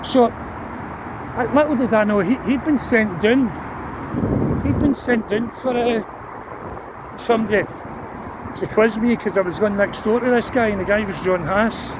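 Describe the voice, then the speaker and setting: High-voiced Scottish man vlogging on the street. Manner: rambling, sweary, chatty storytelling. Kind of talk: walk-and-talk storytelling. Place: outdoors on a town street. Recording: loud street traffic behind.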